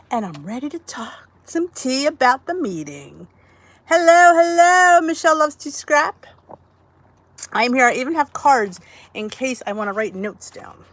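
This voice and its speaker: A woman's voice: fairly high pitch, fairly bright tone, dry recording. Chatty woman hosting a phone livestream. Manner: chatty, greets viewers by name. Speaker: livestream host. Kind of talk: casual livestream chat. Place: indoors.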